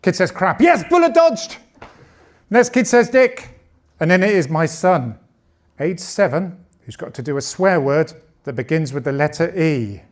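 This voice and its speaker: A man's voice: fairly high pitch, expressive, moderate pace. A man in his late fifties doing a bawdy, conversational stand-up comedy set on a club stage, speaking into a handheld mic. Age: 50s. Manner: bawdy, conversational, punchy delivery.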